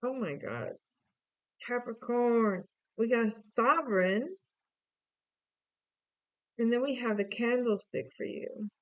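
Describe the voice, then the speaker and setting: A woman's voice: a little high, animated, slow pace, pauses often, no echo, highs cut off. A woman giving a casual tarot reading, playful and musing aloud with chatty asides. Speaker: tarot reader.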